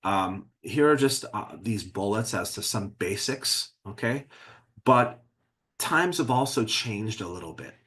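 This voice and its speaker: A man's voice: on the low side, lively intonation, unhurried, fairly bright tone. A man presenting a workplace webinar as an HR consultant, talking conversationally and often checking in with "okay?". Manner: conversational, keeps asking "okay?"; frequent restarts and fillers.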